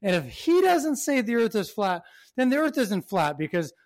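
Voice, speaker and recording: A man's voice: sits high, big pitch swings, moderate pace. A young man co-hosting a podcast in casual chat, blunt and emphatic, swearing heavily. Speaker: podcast co-host.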